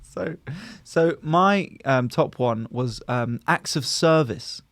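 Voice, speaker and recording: A man's voice: medium pitch, takes it slowly, fairly bright tone, no room sound. A man co-hosting a comedy podcast, chatting casually, jokey and laughing, with frequent restarts. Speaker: podcast co-host.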